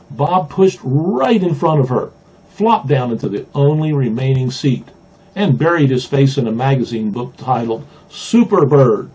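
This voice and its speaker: A man from Mississippi, a pastor, reading a children's storybook aloud with gentle humor, in a dull lo-fi recording. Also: mid-range voice, husky. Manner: gently humorous, chuckling at the jokes.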